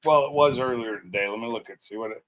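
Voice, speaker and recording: A man's voice: medium pitch, quick pace, a bit bright, low-quality recording. A man hosting a stream, chatting casually with the hiccups and swearing freely when they won't stop. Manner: swears freely, easily irritated. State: has the hiccups. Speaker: stream host. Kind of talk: casual chat.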